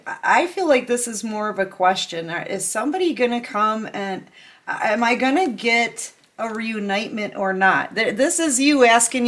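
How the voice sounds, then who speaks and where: Slow, emphatic woman tarot reader. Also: fairly high pitch, a bit bright. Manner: chatty, emphatic, repeats herself, talks straight to the viewer. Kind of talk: casual tarot reading to camera.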